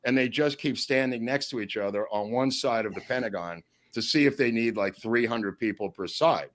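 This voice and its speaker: A man telling stories as an interview guest, animated and often laughing mid-sentence. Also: mid-range voice, normal speed. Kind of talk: storytelling anecdotes in an interview.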